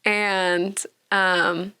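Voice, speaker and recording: A young woman in her twenties with a light Texan accent, talking casually as a podcast guest. Her voice sits at a middle pitch, and she tells stories in a loose, chatty way, with "like" in almost every sentence. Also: level tone, extremely slow, sharp tone, clean tone. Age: 20s. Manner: chatty storyteller, heavy use of "like". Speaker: podcast guest, bartender and content creator. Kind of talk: casual interview chat.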